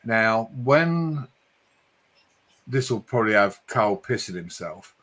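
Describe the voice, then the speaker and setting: A man with an accent that mixes Essex and London, hosting a late-night live stream in a chatty way and speeding up when he gets excited. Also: fairly low pitch, takes it slowly. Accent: mix of Essex and London English. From Hertfordshire, England. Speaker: livestream host.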